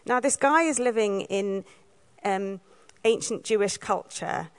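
A woman from Wales giving a sermon, telling the story in a lively way and acting out the lines she quotes. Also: medium pitch, measured pace. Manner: lively storytelling, acts out quoted lines, laughs now and then. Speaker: preacher.

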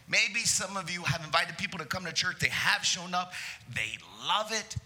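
A male pastor preaching to his church, telling a story in a lively, joking way. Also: sits high, normal speed, low-quality recording. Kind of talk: sermon with storytelling.

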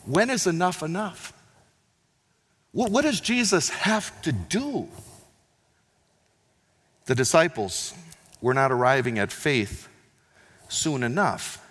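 A man's voice: a little high, expressive, slow pace, long pauses. Man preaching in an echoing hall. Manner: dramatic swings between loud and quiet. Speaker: pastor. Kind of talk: sermon. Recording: long hall reverb.

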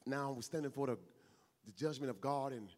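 A man's voice: medium pitch, fairly quick, darkish tone. A man preaching an earnest, conversational sermon, repeating phrases and acting out everyday dialogue. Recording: long hall reverb.

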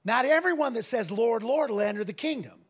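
A man preaching a sermon to a congregation, telling stories emphatically and breaking into shouts and laughter. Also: very high voice, fairly quick. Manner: emphatic, swings into shouting and laughter, lively storytelling. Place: church service with a congregation.

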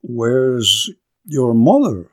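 Man doing a bewildered ragged old man, strained raised voice, pleading, storybook reading, swooping pitch. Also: wildly swooping pitch, a little slow, a little mellow, full character voice. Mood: faltering. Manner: anxious, pleading. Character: bewildered old man, ragged, back after twenty years.

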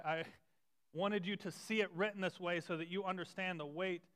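A man with a high, clear voice preaching a sermon. He speaks earnestly, repeats key words for weight and slows down on the lines that matter. The sound is smooth and resonant. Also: a bit bright. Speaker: pastor.

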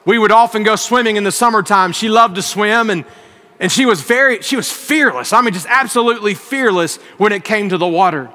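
High, bright-voiced preaching man. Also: brisk, long reverb tail. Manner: earnest storytelling with emphatic rises. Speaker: pastor. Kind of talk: sermon.

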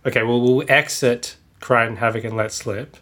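A man's voice: mid-range voice, fairly even intonation, normal speed, a bit bright. An Australian man co-hosting a podcast, chatting casually and drily teasing his co-host about a book. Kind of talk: casual book-club chat.

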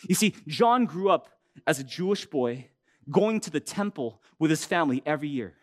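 A male pastor delivering a sermon in a conversational, animated storytelling manner, full of rhetorical questions. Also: fairly high pitch, moderate pace. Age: adult with an older son.

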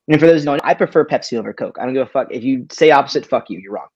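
Male co-host, mid-pitched, profane storyteller, dull dry recording. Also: lively intonation, fast, husky, no echo. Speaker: podcast co-host. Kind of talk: casual chat.

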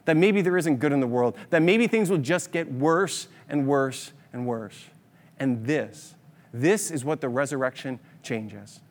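A man preaching a sermon, telling a story with lively rhetorical questions. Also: medium pitch, a little slow. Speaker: pastor. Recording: long hall reverb.

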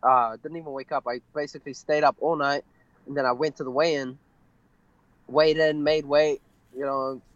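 A young man, an MMA fighter, telling a personal story in an interview, halting and full of fillers. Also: a little high, fairly even intonation, no room sound, highs cut off. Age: young adult. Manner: halting, many fillers and restarts.

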